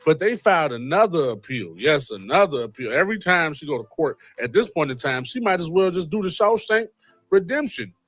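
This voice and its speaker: A man in a host's chair talks through a court case in a loose, animated way, his voice rising and dropping all over its fairly high range. His joking asides come through dry and close, with faint music behind him. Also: a little fast, no room sound. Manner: animated, repeats a catchphrase, wry asides. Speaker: host. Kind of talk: casual commentary on a court case.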